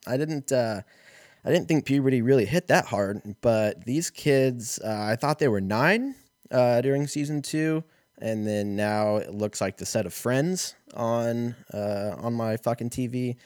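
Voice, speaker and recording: A man's voice: medium pitch, measured pace, darkish tone, no echo, clean studio sound. A man hosting a podcast, rambling through a casual comedic monologue full of profanity and self-mockery. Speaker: podcast host.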